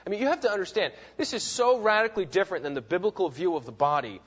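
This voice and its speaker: A man teaching a Bible class, lecturing in an animated, emphatic way, often repeating words and checking in with "right?", on a dull, lo-fi recording. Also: high voice, fast talker, slightly rough.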